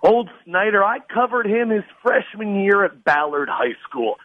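A male guest with a high voice performs his sports takes as mock drama, his pitch swinging up and down as he goes. The line sounds dull and dry, with no room around it. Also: sing-song, a little slow, no room sound. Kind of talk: theatrical comic storytelling on sports radio.

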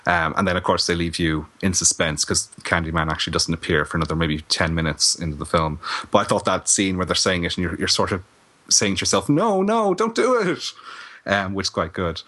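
A middle-aged man co-hosting a casual film review podcast, chatty and animated, laughing often. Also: low-pitched, fast. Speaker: podcast co-host.

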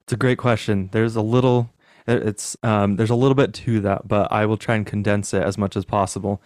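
Low-voiced young male guest, smooth clean tone, dry close sound, candid and reflective. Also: little pitch movement, fairly quick, darkish tone, no room sound. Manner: candid, self-deprecating, reflective. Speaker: podcast guest. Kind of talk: personal storytelling in interview.

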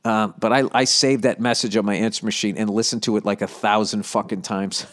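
A man in his fifties hosting a solo comedy podcast, rambling through profane, animated stories full of asides. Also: on the low side, fairly quick. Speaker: podcast host.

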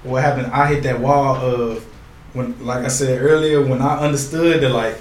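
A man's voice: mid-range voice, steady tone, moderate pace. A man co-hosting a podcast, talking in a slangy, profane, laid-back way. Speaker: podcast co-host. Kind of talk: casual chat. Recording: echoey room.

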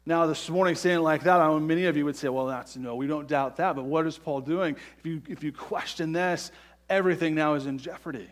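A man's voice: on the high side, fairly even intonation, brisk. A man preaching a sermon earnestly, often checking in with the congregation by asking "right?". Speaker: pastor.

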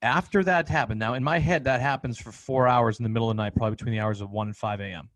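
A man from Boston, a podcast guest, telling a personal story in a blunt, profane, animated way and acting out what people said. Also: medium pitch, fast, no echo. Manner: blunt, profane, animated retelling with acted-out quotes.

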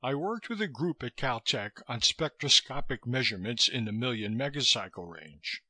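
A polite, cautious scientist speaks in a measured way with a lively, bright voice, as a man reads him. The sound is close and dry. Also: mid-range voice, husky, no room sound, heavily acted.

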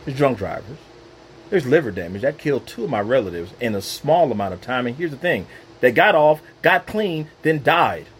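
Earnest man with a lively, swinging voice. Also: medium pitch, normal speed, a little hiss or hum, rough recording. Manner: earnest and emphatic, repeats phrases for weight. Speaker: Christian speaker. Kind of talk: personal devotional talk. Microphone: own microphone.

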